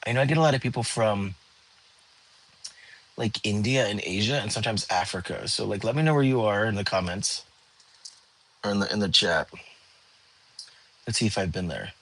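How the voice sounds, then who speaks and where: A tired young man, hosting a relaxed livestream and chatting with viewers from home. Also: lowish voice, normal speed, long pauses. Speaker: livestream host. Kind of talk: casual livestream chat. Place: home, lying down.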